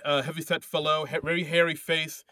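A man co-hosting a podcast in a chatty, easygoing way, often hesitating and laughing. His voice is fairly high and bright. The sound is dry and close, with no room echo. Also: flat delivery, a little fast. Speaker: podcast co-host. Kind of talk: casual chat.

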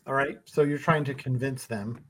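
A man running a tabletop role-playing game as game master, describing scenes haltingly with many pauses. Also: mid-range voice, fairly even intonation, a bit bright, slightly rough, poor audio. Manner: halting, full of uh fillers while describing.

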